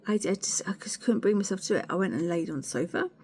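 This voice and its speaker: A woman's voice: medium pitch, expressive, fast talker, a little mellow, a little hiss or hum. A woman, chatting candidly to camera in a rambling, sweary, self-deprecating way. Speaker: vlogger. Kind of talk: candid casual chat to camera.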